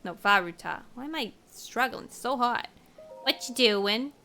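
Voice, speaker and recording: A woman's voice: fairly high pitch, lively intonation, a little slow, sharp tone, soft background music. A woman streaming a video game, chatting casually with playful, laughing asides. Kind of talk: casual gameplay commentary.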